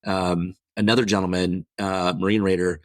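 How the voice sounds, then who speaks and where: Deep-voiced man telling stories. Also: normal speed, no room sound. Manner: animated storyteller, acts out quoted dialogue. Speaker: podcast guest, veterans' transition program executive. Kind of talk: casual storytelling interview.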